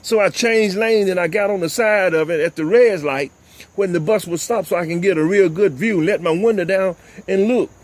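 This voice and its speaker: An older man, hosting a talk show and delivering impassioned, preachy commentary, often repeating "ladies and gentlemen.". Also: high voice, normal speed. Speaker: host.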